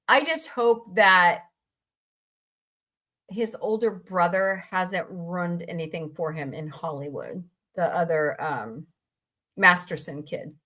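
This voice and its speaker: A woman's voice: lowish voice, bright, forceful tone. A woman hosting a casual live stream, chatting and joking with viewers about movies and reading their comments. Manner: chatty, jokey, reads and answers viewer comments. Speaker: livestream host.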